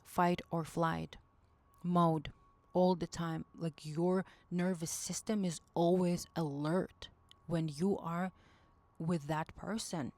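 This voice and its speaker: A woman with a fairly low, darkish voice, recorded without echo, shares intuitive spiritual guidance as a message reader. The monologue is casual and earnest. She keeps searching for words and rephrasing her thoughts.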